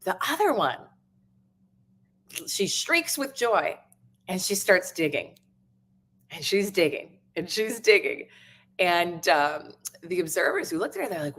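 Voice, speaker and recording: A woman's voice: on the low side, big pitch swings, a little slow, pauses often, fairly bright tone, breathy edge. A woman hosting a podcast, giving a reflective, earnest motivational talk from a live stream, with many fillers and restarts. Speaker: podcast host and business coach.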